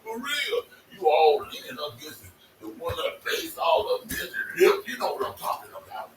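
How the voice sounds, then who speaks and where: High-pitched gravelly guy telling wild stories on his vlog, all over the place, laughing and cussing, sounds far off in an echoey room. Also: normal speed. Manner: animated, swearing, laughing storyteller. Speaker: vlogger. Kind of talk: casual storytelling monologue. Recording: echoey, distant mic with faint noise.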